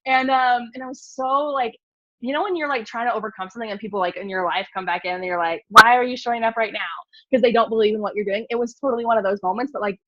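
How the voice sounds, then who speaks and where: A fast-talking woman with a high voice tells a story to a group in a loose, animated way, packed with fillers. The sound is dry and a bit dull and lo-fi. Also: no room sound. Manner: animated, filler-heavy, lots of "like". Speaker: speaker at a mindset meeting.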